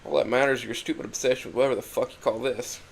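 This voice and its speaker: A man's voice: mid-range voice, fairly even intonation, racing, gravelly, slight background noise. A man narrating a first-person dramatic story, emotional and swinging from hurt to angry outbursts.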